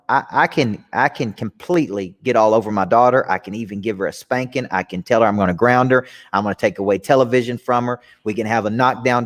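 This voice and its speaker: A man's voice: on the low side, long reverb tail. A man, talking earnestly and reflectively as a guest coach in a candid interview, often restarting his sentences. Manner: earnest, reflective, repeats words when starting sentences.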